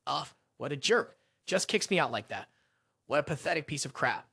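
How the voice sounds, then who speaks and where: A narrator voicing a flirtatious, spiteful female secretary with a soft, whining way of talking. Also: mid-range voice, lively intonation, normal speed, gravelly, breathy edge, no room sound, studio quality, voice pushed down, exaggerated voice. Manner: whiny, wheedling.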